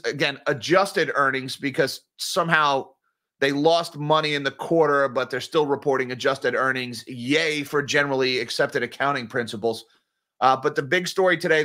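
A man's voice: a little high, bright, forceful tone. A man commenting on finance and market news for viewers, reading headlines and adding sarcastic asides. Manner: sarcastic, informal, addresses viewers as guys.

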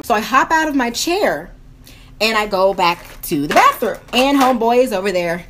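A woman's voice: on the high side, fast talker. A young woman in her twenties, a beauty vlogger chatting casually through a storytime while doing her makeup, acting out the voices of the people she quotes. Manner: animated, acts out quoted voices.

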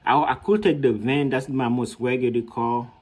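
A man vlogging in a casual storytelling way, animated and slangy, laughing often and acting out what others said in a raised voice. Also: medium pitch, moderate pace, breathy edge. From Haiti.

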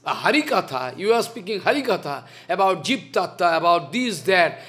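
A man's voice: sits high, sing-song, normal speed, fairly bright tone. Impassioned older man scolding in a lecture. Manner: impassioned, scolding, repeats rhetorical questions. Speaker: spiritual teacher. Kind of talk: devotional lecture.

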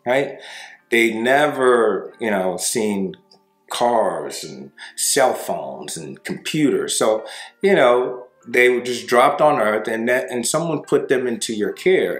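A man, a breakup coach, talking casually to viewers and acting out little dialogues, often tagging his lines with "right?" and "you know". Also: mid-range voice. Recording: roomy sound with faint music.

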